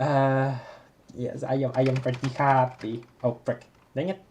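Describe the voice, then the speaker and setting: Brief: young adult live-read streamer, laughs a lot, trips over words and corrects fast, chatty and excited. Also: medium pitch, a little hiss or hum. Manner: animated, laughing often, quick self-corrections. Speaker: livestream host reading a webcomic aloud. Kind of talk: casual live-read commentary.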